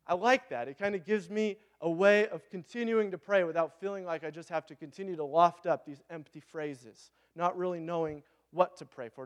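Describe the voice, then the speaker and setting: In a high-pitched voice, a thirtysomething pastor from the Pacific Northwest of America preaches in a conversational style, asking his congregation questions.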